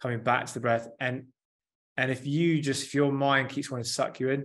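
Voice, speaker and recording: A man's voice: mid-range voice, level tone, a little fast, a bit bright. A man in his thirties, a therapist or coach, speaking candidly and reflectively in a conversational interview, often saying "like" and "you know".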